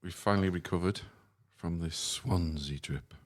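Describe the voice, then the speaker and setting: A man's voice: low voice, moderate pace. A man from Wales hosting a casual podcast chat, teasing and leading the talk with friends. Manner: chatty, teasing, leads the talk. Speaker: podcast host.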